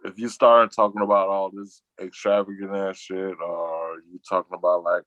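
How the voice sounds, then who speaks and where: A man, chatting casually as a talk-show guest, rambling and slangy, acting out quoted friends in a lower voice. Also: flat delivery, normal speed, hardly any pauses, fairly bright tone, no room sound, highs cut off. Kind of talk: casual chat.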